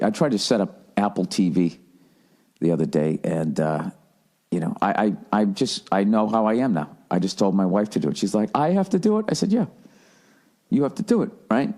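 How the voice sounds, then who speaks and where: A man's voice: deep voice, warm tone. A man telling a rambling, profane, self-mocking comic rant in a podcast style. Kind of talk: comedic rant.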